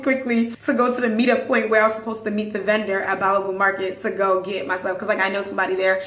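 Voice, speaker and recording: A woman in an animated, casual storytelling mode, acting out conversations and slipping into hushed asides. Her voice sits in a middle register. The recording has a noticeably roomy echo. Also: medium pitch, fast, few pauses. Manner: animated, acts out dialogue, drops to hushed asides. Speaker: podcast host.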